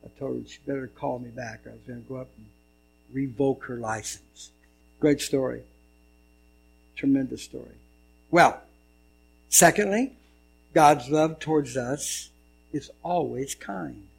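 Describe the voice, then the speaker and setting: A man preaching a sermon, telling a story and swinging between loud and hushed delivery. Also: medium pitch, unhurried, gravelly, pauses often, husky, rough recording. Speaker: pastor.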